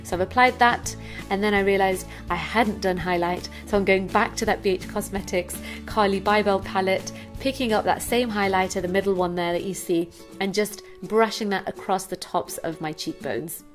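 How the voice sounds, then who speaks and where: A woman beauty vlogger talking through a makeup tutorial, bubbly and excitable in her chat and outro. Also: mid-range voice, moderate pace, faint music behind.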